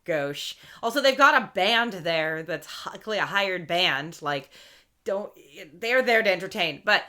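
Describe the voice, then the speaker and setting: A woman co-hosting a podcast, recapping in casual chat and acting out quotes with animated voices. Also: fairly low pitch, measured pace. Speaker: podcast co-host.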